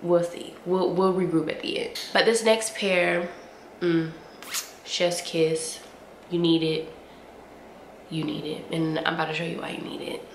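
A young woman gushes over her finds to camera, slangy and playful, stretching her hums and words out slowly. Her voice sits a little low, a touch sniffly, and the room gives it a noticeable echo over a faint hiss. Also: level tone. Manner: gushing, playful, drawn-out hums and slangy asides. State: sniffly from allergies. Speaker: beauty and fashion vlogger. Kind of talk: casual haul review to camera. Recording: roomy echo with faint ambient noise.

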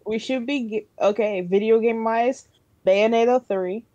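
A woman's voice: on the high side, measured pace, warm tone, no echo, highs cut off. A woman co-commentating a game stream, chatting playfully and casually.

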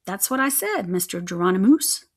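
A woman voicing a cheeky, clingy little boy mouse in a storybook reading, with a squeaky, teasing voice. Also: very animated, normal speed.

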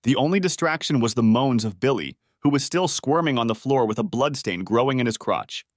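A man's voice: mid-range voice, expressive, brisk, few pauses, dry recording, studio quality. A man narrating a first-person story of betrayal in a dramatic, wounded manner.

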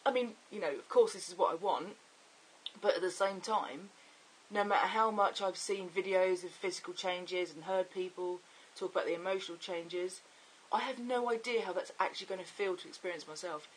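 A young man chatting excitably and rambling in a casual video diary. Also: high voice, moderate pace, a little hiss or hum, rough recording. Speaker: vlogger.

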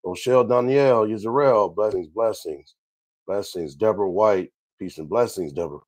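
A man's voice: on the low side, normal speed, darkish tone, dry recording. A man hosting a livestream Bible teaching, greeting viewers one by one by name and often repeating his phrases. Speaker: minister and livestream host.

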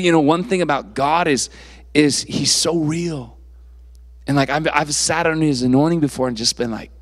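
A man's voice: medium pitch, big-room sound. A young man preaching to a youth group in a casual, conversational way, full of fillers and restarts. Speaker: youth pastor. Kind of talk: youth sermon.

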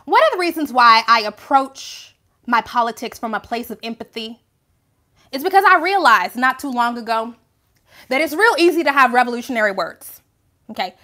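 Bright, high-pitched passionate woman. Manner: passionate, emphatic, conversational with rhetorical questions. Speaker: host. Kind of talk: live video commentary.

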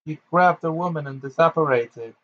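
A man voicing an agitated male ministry wizard who shouts urgently. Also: a little high, moderate pace, muffled recording, voice pushed up, close to an everyday voice.

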